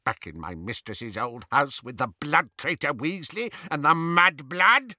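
A man voicing a servile, bitter old male house elf with a croaking bullfrog voice in an audiobook reading. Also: on the high side, expressive, measured pace, bright, forceful tone, no echo, clean studio sound, voice pushed up, full character voice. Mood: resentful muttering. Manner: muttering, resentful. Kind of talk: audiobook character voice.

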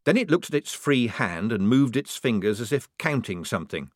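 A man narrating a comic fantasy audiobook in a measured, dry, expressive way. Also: mid-range voice, no room sound.

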